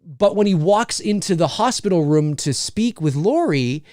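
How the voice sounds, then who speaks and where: A man's voice: high-pitched, expressive, moderate pace, a little mellow, no room sound, studio quality. A man giving an unscripted spoken film review, thinking aloud and often restarting his sentences as he works out his opinion.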